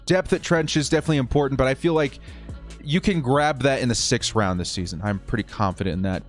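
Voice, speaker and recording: An upbeat young man chats casually through a live stream, shouting out viewers and reading their comments aloud. His voice sits at an ordinary middle pitch, with faint music playing behind him.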